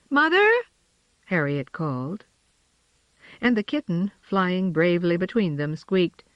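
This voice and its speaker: A narrator reading a children's storybook aloud in a measured, expressive way, in a slightly dull, dry recording. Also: medium pitch, no room sound.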